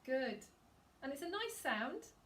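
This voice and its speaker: A woman singing teacher gently guiding a breathing and vocal warm-up, giving calm, encouraging instructions. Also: high-pitched, slow pace, far from the mic, a little hiss or hum.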